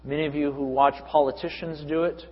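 A man's voice: fairly high pitch, little pitch movement, brisk, breathy edge. A young adult man preaching a sermon to a church congregation, often building to emphatic repeated lists. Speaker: pastor. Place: church hall. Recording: echoey hall, dull lo-fi sound.

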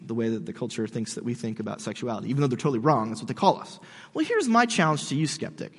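A man preaching casually to skeptics, slangy and animated, often calling the listener "dude". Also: mid-range voice, gravelly, breathy edge. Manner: slangy and animated, says "dude", restarts words. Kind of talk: casual sermon addressed to skeptics. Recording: long hall reverb.

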